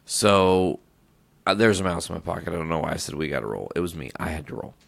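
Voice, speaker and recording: Spinning a casual podcast story, this host has a deep, gravelly voice full of vocal fry and talks quickly with fairly even intonation. His rambling is profane and self-interrupting, with sentences he keeps abandoning and restarting, leaving it loose and unpolished.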